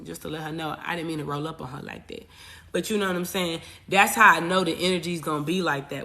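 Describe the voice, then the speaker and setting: Bright-voiced, chatty woman coach. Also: lowish voice. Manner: chatty, profane, swings from loud to hushed. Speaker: spiritual coach. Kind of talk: casual live chat.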